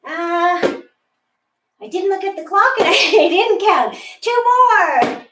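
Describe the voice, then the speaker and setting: A woman's voice: very high voice, expressive, takes it slowly, a bit bright, echoey room, recorded from a distance, slight background noise, poor audio. A woman leading a guided workout, a little out of breath, encouraging and laughing often as she gives instructions. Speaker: fitness instructor. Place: room with a wall and ceiling tiles, indoors.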